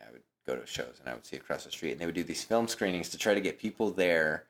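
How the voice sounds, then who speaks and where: A man's voice: deep voice, animated, fast, creaky, a bit bright. A man co-hosting a podcast, rambling through crude casual banter and laughing easily. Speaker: podcast co-host.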